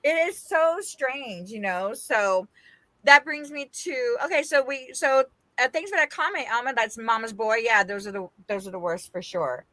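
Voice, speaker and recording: A woman's voice: on the high side, moderate pace, no echo. A middle-aged woman from the Las Vegas area, casually chatting as a podcast co-host and acting out what people said. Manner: animated, acts out quoted voices, laughs often. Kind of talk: casual chat.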